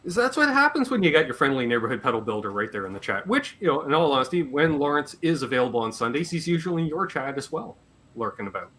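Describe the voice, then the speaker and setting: A man's voice: on the high side, very animated, fast talker, sharp tone. A man hosting a live Q&A stream, chatting casually and reading out comments from the chat. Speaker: show host.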